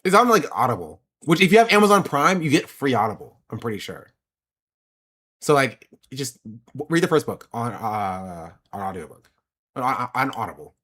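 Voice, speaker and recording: Animated streamer man chatting with viewers. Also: medium pitch, moderate pace. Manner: laughs often and repeats phrases for emphasis; answers chat questions aloud. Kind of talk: casual live-stream chat.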